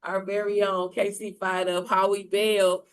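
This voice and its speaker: Woman co-host chiming in briskly. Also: mid-range voice, smooth, rough recording. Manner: lively, chiming in with quick reactions. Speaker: podcast co-host. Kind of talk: casual chat.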